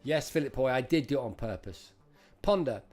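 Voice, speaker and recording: A man's voice: medium pitch, lively intonation, brisk, a little mellow, soft background music. A middle-aged man hosting a live-streamed retro quiz, chatting and greeting viewers by name as he reads out questions. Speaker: host.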